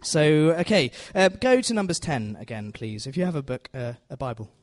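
A man's voice: medium pitch, very animated, moderate pace. A man giving a chatty, self-deprecating Bible teaching in a church, often asking the audience questions. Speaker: preacher.

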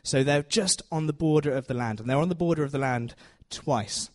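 A man's voice: on the high side, a little fast. A man giving a chatty, self-deprecating Bible teaching in a church, often asking the audience questions. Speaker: preacher.

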